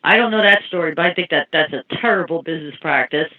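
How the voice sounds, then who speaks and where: A woman's voice: deep voice, quick pace. A woman telling rambling anecdotes in casual chat. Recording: tinny phone-like line.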